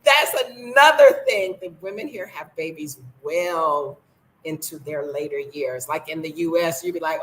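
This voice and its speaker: In an unhurried, low voice, an older American woman chats casually from her home for a vlog, coming across blunt and sassy. The recording is rough.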